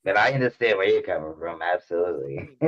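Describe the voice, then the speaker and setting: A man with a regional accent on a casual panel chat, talking loudly in a dark voice, blunt and quick to swear and laugh. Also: on the low side, very animated. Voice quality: dark, loud voice. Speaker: panel guest. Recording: dull, distant stream audio.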